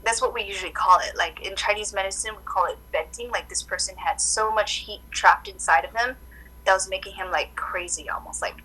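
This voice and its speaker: A woman acupuncturist chatting casually in an interview, telling animated stories full of "like" fillers. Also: medium pitch, fairly quick, slightly rough, poor audio. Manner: animated storytelling, many "like" fillers. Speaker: acupuncturist guest.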